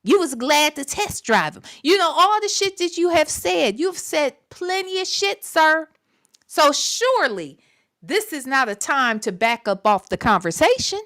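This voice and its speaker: High-voiced woman host giving sassy, cussing late-night livestream commentary to her viewers. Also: big pitch swings, unhurried, fairly bright tone. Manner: sassy, profane, talks straight to the chat. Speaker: reaction show host.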